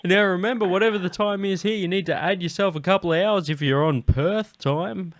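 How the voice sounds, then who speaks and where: A man's voice: sits high, fairly quick, slight background noise, pitched above the performer's own voice. A man doing a cheesy Australian radio DJ. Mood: chirpy. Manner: bright, smarmy on-air patter. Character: cheesy male 80s-90s radio DJ.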